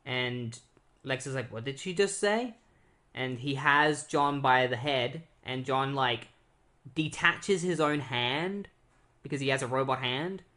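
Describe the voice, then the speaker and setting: A man at an ordinary mid pitch talks through a comic book plot in a loose, chatty way. His retelling is full of "like" and "um," and he briefly mimics the characters as he quotes them. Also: bright, forceful tone. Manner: loose, filler-heavy retelling with lots of "like"; slips into quick quoted voices of characters. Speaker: podcast co-host. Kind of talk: casual comic book recap.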